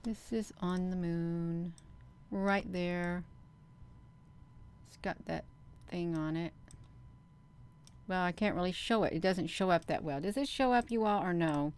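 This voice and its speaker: Low-voiced woman, emphatic and animated. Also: unhurried, long pauses, smooth. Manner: animated, repeatedly addresses viewers as "you all"; insistent, emphatic bursts. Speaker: channel host. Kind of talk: casual live commentary over camera footage.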